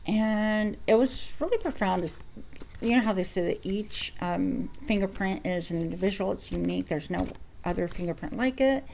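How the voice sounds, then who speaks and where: A woman's voice: medium pitch, moderate pace, creaky, a little mellow, a little hiss or hum, rough recording. A woman giving a spiritual card reading to her viewers, reflective and searching for words as she goes. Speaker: tarot reader.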